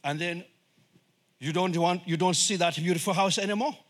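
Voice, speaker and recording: A middle-aged man who is a missionary, preaching a sermon in English, which is not his first language, lively and acting out voices. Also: sits high, moderate pace. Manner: animated, acts out voices and laughs often.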